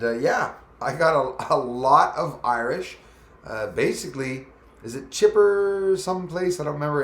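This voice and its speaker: A man's voice: medium pitch, fairly bright tone. A man chatting casually on a live stream, rambling easily and calling out viewers by name. His voice sits in a middle register. The room around him sounds echoey. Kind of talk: casual live-stream chat reading comments.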